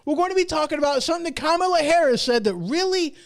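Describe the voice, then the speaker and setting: A man's voice: very high voice, expressive, fast, vocal fry. A man hosts his own show. He rambles through a story with lots of fillers and restarts, joking about himself. It sounds like a casual, unscripted monologue. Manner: rambling, self-deprecating, with frequent restarts and fillers. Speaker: podcast host.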